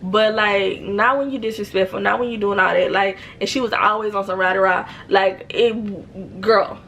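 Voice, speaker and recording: A young woman talks straight to her viewers, telling a personal story in a relaxed, chatty way full of "like." Her mid-pitched voice has a gravelly, creaky texture, and there is a faint hiss in the background. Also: normal speed, poor audio. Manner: chatty, slangy, many fillers. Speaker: storytime vlogger. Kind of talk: casual storytelling.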